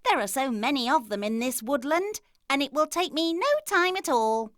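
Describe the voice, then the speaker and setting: A woman's voice: high voice, expressive, normal speed, fairly bright tone, dry recording, clean studio sound, pitched above the performer's own voice. A woman voicing a boastful, hasty male little pig from a storybook.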